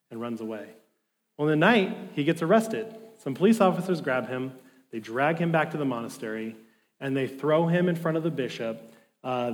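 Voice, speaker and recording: A man preaching a sermon as a pastor, telling a story in a casual, enthusiastic way. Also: mid-range voice. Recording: long hall reverb.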